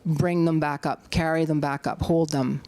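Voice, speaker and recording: A middle-aged woman with a Canadian accent giving an animated public talk as an activist speaker, rallying her audience and acting out quotes in a high voice. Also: normal speed, no room sound. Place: community hall talk.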